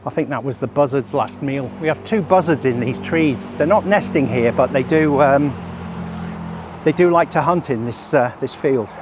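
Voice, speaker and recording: Out of breath as he strolls around his rural land, a product developer casually rambles with fillers while showing off a range test. He speaks at normal speed in a mid-range voice, against background noise.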